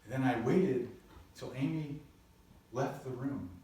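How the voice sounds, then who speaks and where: A male pastor preaches in a slow, unhurried way, his voice dark and mellow. He tells stories earnestly and drops in playful asides. The sound comes from a very echoey church sanctuary, picked up from a distance with faint room noise behind him. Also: mid-range voice. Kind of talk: sermon.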